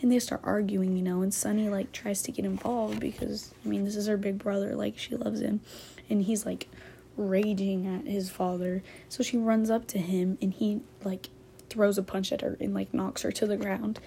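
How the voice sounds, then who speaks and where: A woman's voice: medium pitch, little pitch movement, moderate pace, creaky, dark tone, a little hiss or hum. A woman casually retelling a book's plot as host of a book talk episode, chatty and loaded with "like" fillers. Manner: chatty, filler-heavy, says "like" constantly.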